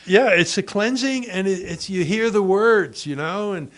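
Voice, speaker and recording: Male priest guest, slightly high voice, anecdotal and wry. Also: measured pace, fairly bright tone. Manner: humorous, chuckles through his stories; uses homely everyday comparisons. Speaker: Catholic priest, podcast guest. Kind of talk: anecdotal interview storytelling.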